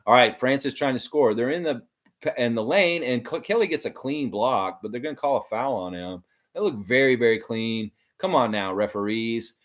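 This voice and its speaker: A man hosting a live watchalong stream, giving excited fan play-by-play and trash talk. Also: mid-range voice, normal speed. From Canada. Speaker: livestream host.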